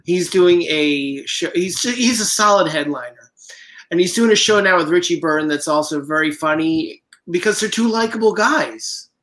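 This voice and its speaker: A man hosts a loose comedy podcast, tossing off self-deprecating jokes in quick banter. His voice sits a little high and rings bright and forward. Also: low-quality recording. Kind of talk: casual comedy podcast chat.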